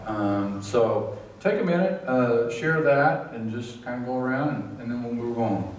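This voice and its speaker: A man of middle pitch leads a church study group, halting and full of fillers, his voice now and then thick with feeling. He is heard from a distance in a very echoey room, with a faint hum of ambience behind him. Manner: halting, many fillers, gets emotional. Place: church hall. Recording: echoey room, far from mic.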